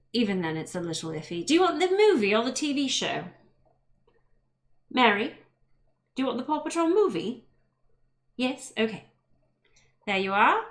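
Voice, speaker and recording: An American woman live streaming while cooking at home, chatting playfully and rambling in a put-on English accent. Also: a little high. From United States.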